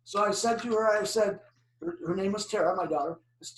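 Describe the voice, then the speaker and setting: An older man with a fairly high voice gives a driver safety talk. He tells animated stories and quizzes his audience. He sits some way from the mic, and the room echoes. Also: brisk, distant mic. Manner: animated storytelling with questions to the audience. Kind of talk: presentation to an online audience.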